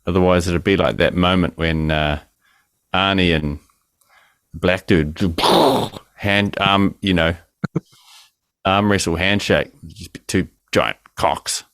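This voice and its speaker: A man's voice: low voice, fairly even intonation, slow pace, long pauses, fairly bright tone, no room sound. A man co-hosting a podcast over a remote call, ranting crudely and joking in casual banter. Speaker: podcast co-host.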